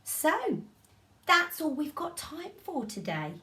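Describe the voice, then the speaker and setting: A woman leads a drama class for small children, her voice swooping up and down as she coaxes and praises them. She speaks slowly and clearly, spelling out each step. The mic sits a little away from her. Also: high-pitched, far from the mic. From United Kingdom. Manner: animated, coaxing, sing-song encouragement. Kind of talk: lively instructions to young children.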